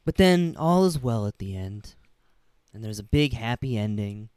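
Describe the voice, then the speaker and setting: Lively, expressive man recapping a movie. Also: on the low side, moderate pace, clear, resonant tone, no room sound, studio quality. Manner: retells scenes with lively emphasis, hesitant fillers. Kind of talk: casual movie discussion.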